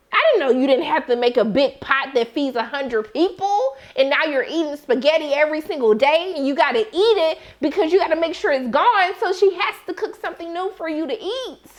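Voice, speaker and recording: A young woman reviewing a TV episode in a casual, animated chat, jumping into excited exclamations as she reacts. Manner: animated, expressive, swings into high excited exclamations. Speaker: TV recap reviewer.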